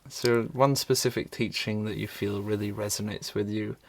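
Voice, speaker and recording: A man hosting an interview, asking open questions and softly backing the guest with short sounds of assent. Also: on the low side, fairly even intonation, moderate pace, gravelly. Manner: soft listener, many "mm"s between guest's lines. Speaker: podcast host.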